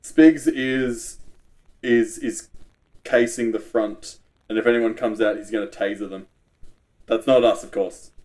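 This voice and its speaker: A man's voice: lowish voice, steady tone, measured pace, long pauses, a little mellow. A man playing a tabletop game, chatting and asking questions with some hesitation. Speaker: player.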